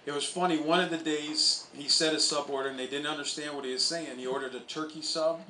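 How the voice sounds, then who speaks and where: Male coach telling anecdotes at a memorial, somewhat high voice, faint ambience. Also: roomy sound, recorded from a distance, noisy background. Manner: anecdotal storytelling, with chuckles. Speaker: college soccer coach. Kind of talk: memorial speech. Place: outdoor stadium.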